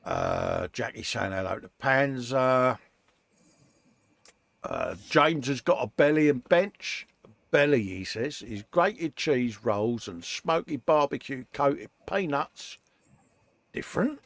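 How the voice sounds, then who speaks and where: Chatty British man, gravelly lively voice. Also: mid-range voice, slow pace, dry recording. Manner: chatty, calls people mate, laughs often. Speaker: co-host of a model-making live stream. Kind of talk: casual chat, reading out viewer comments.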